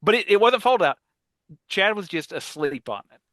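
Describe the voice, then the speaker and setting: A man's voice: high-pitched, sing-song, normal speed, fairly bright tone, dry recording. A man in his forties, a podcast co-host, telling stories animatedly in casual chat and laughing often.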